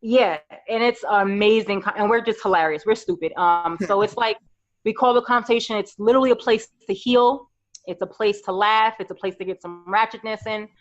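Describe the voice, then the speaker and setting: Animated woman in her thirties, slightly dull audio. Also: mid-range voice, a little fast. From New York. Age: 30s. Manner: animated storyteller, acts out friends' voices. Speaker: podcast guest, makeup artist. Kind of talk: casual podcast interview.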